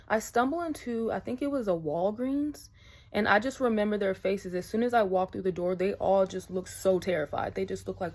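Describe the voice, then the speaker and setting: Woman vlogger, mid-pitched, casual storyteller who rambles with fillers. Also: normal speed, darkish tone. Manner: chatty, rambling, many fillers.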